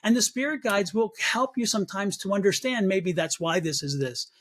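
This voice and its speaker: Animated, high-voiced man telling a spirit story. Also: normal speed. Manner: animated, acts out his own past reactions in a raised voice; repeats words while restarting sentences. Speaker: psychic medium guest. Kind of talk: storytelling interview chat.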